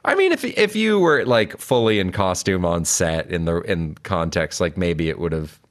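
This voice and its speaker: A young man riffs through a casual movie commentary, rambling and giggling as he goes. His voice sits low but swings widely in pitch, so it never settles into a drone. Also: very animated, moderate pace. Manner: rambling, giggly, lots of fillers. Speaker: podcast co-host. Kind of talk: casual film commentary chat.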